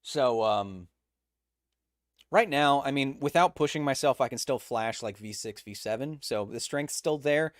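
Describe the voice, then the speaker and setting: A man's voice: mid-range voice, animated, a little slow, dry recording, clean studio sound. A man hosting a livestream, chatting casually and rambling with lots of fillers and restarts. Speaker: host.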